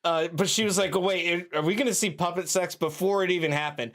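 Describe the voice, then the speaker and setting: Brief: man co-hosting a crude chat podcast, slightly high voice, stop-start delivery. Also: a bit bright. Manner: halting, restarts, laughs at jokes. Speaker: podcast co-host. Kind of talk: casual crude banter.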